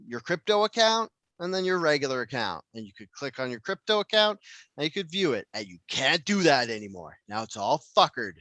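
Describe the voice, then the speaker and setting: Bright, brassy-voiced man chatting. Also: mid-range voice, big pitch swings, a little fast, no echo. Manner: rambling, frequently swearing. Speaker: podcast co-host. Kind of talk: casual podcast chat.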